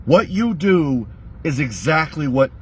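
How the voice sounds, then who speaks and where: A man's voice: a little high, big pitch swings, a little slow, slight background noise. A man ranting bluntly to his audience in a heated monologue, swearing constantly. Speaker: vlogger.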